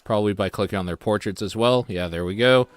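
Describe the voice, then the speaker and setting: A man's voice: lowish voice, fast talker, soft background music. A man streaming a game, talking casually as he thinks aloud and works through the controls and menus. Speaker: let's-play streamer. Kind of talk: casual gameplay commentary and reading game text aloud.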